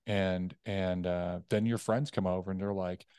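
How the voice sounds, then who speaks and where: A man, a coach, talking as a podcast guest in a casual interview, telling animated stories and acting out the voices in his head. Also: low-pitched, normal speed, clean tone, dry recording, clean studio sound. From United States. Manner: animated storytelling, acts out inner voices.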